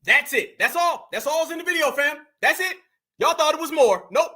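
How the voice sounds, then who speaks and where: American commentary host, very high bright voice, heated repeating rant. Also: male voice, normal speed. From United States. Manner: animated, heated, repetitive and profane. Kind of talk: reaction commentary to a live chat.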